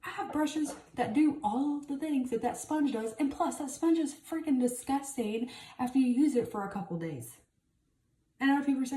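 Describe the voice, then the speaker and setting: A woman's voice: sits high, expressive, normal speed, a little mellow. A woman chatting bluntly and swearing freely while doing her makeup. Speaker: beauty vlogger. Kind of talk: casual makeup tutorial chat. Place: home room with rain outside. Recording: roomy, distant camera audio.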